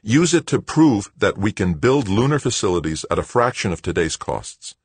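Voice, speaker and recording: A man voicing an eager, scheming businessman who pushes his deal with quick, emphatic lines. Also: on the low side, sing-song, breathy edge, dry recording, voice pushed up, exaggerated voice. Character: eager scheming businessman son, adult male.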